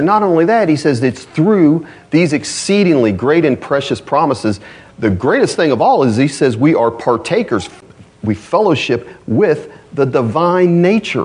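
A man's voice: mid-range voice, darkish tone. A man preaching a sermon in a folksy way, laughing and asking rhetorical questions. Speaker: pastor. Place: church.

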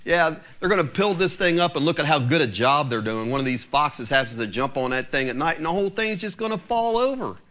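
A man's voice: fairly high pitch, brisk, few pauses, fairly bright tone, lightly acted. A man voicing a scornful ancient male enemy who sneers at people rebuilding a wall. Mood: jeering. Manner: sneering, jeering.

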